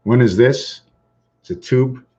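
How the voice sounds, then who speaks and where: A man's voice: medium pitch, slow pace, dark tone, slight background noise. A man hosting his own casual video, distracted and thinking aloud, repeating himself as he clicks around. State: losing his voice. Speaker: channel host. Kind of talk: rambling casual livestream talk. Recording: dull lo-fi recording.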